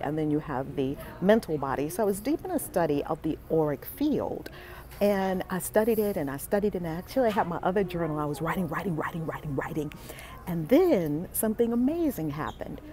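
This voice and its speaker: A woman's voice: lowish voice, a little mellow. Effusive woman vlogging from a bookstore. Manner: effusive, greets viewers by name, repeats phrases. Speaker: spiritual vlogger hosting a live stream. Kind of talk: casual live-stream chat. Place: inside a bookstore.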